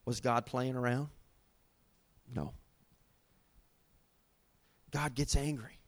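A middle-aged man preaching a sermon, telling stories with dramatic swings in pitch and loudness. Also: steady tone, extremely slow. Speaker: pastor.

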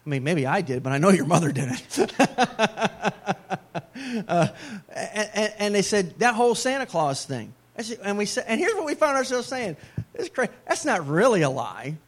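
A man's voice: high voice, sing-song, fairly quick. A middle-aged man preaching a sermon as a pastor, in a conversational way with joking asides.

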